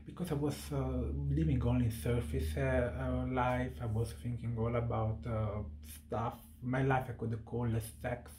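A man in his thirties speaking to camera in an earnest, heartfelt way, often pausing to search for words. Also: medium pitch, mellow, roomy sound, a little hiss or hum. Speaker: vlogger. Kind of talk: personal monologue to camera.

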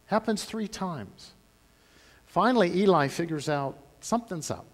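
Animated pastor telling a Bible story. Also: male voice, a little high, measured pace. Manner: animated storytelling with big swings in loudness. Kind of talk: children's sermon storytelling. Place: church sanctuary. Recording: long church-hall reverb.

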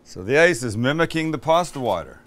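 A man's voice: mid-range voice, big pitch swings, fairly quick, fairly bright tone, slight background noise. A man hosting a casual cooking show, joking with his crew as he cooks.

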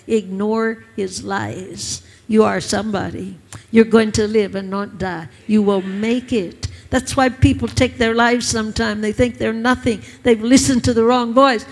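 A woman's voice: mid-range voice, gravelly. A woman pastor preaching a sermon, urging her listeners with emphatic, repeated lines. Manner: emphatic, repetitive exhortation.

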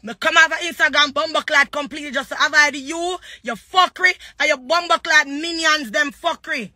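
A woman's voice: sits high, a little fast, bright, forceful tone, no echo. A young adult woman with a Jamaican accent, ranting angrily and cursing on a live stream. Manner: cursing, confrontational. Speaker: social media personality. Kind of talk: angry live-stream rant.

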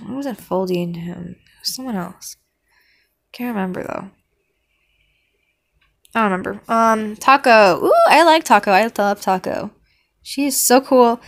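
A woman talking casually and meandering through her opinions, trailing off into hums and ums, sometimes bursting into mock outrage. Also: fairly high pitch. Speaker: vlogger ranking cartoon characters. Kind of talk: casual rambling commentary.

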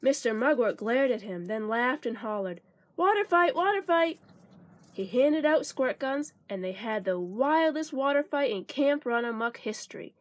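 A woman reading a children's picture book aloud, expressive and playful with sound effects. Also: on the high side, moderate pace, few pauses, dry recording. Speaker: storybook reader.

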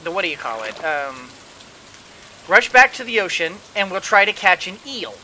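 A let's play host giving gameplay commentary, thinking aloud and cheering the game on with excited exclamations. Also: medium pitch, normal speed, slight background noise, low-quality recording.

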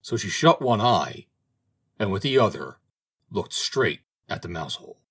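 Husky, expressive male storybook reader. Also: on the low side, a little slow. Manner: expressive, dramatic reading. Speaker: audiobook reader. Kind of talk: storybook narration.

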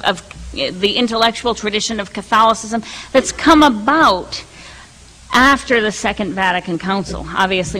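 A middle-aged woman reading a prepared academic lecture at a colloquium, measured and deliberate, with occasional restarts. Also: mid-range voice, bright, forceful tone, poor audio. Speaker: colloquium speaker.

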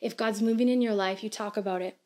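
A woman in her thirties preaching a sermon on a church livestream, earnest and conversational, asking gentle questions. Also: medium pitch, fairly even intonation, fast. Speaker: pastor.

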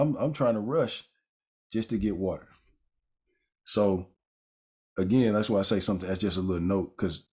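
Guy teaching bible study, low voice, kinda husky, loose chatty asides. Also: a little mellow. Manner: casual, rambling asides with fillers and restarts; reads scripture aloud, stressing key words.

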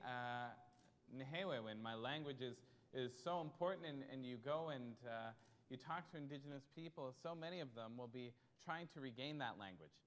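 A man speaking on a conference panel in a measured, plainspoken way, with frequent fillers. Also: medium pitch, fairly bright tone. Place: conference hall.

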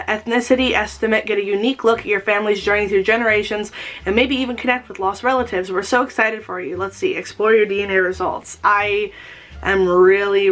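Excitable rambling woman vlogger. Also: mid-range voice. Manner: excitable, rambling, mild swearing. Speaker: YouTuber. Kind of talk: casual vlog.

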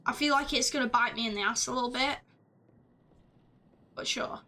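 A woman streaming a game live, chatting along as she plays, swearing freely and shouting at the screen. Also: on the high side, very fast. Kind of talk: live gameplay commentary.

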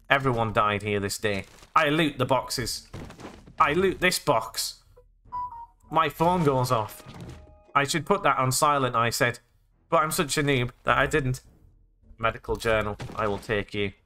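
A young British let's play gamer gives goofy, profane commentary, narrating his own actions as he plays and breaking into sudden squeals. His voice is a little high with a sharp tone.

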